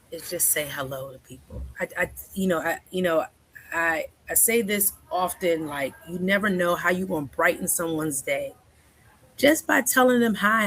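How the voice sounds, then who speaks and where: A woman in her forties speaks as a counselor and guest in a relaxed conversation. Her voice sits a little low. She talks freely and keeps tagging her points with "right?". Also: breathy edge. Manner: chatty, keeps asking "right?", acts out quoted speech. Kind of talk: casual conversational interview.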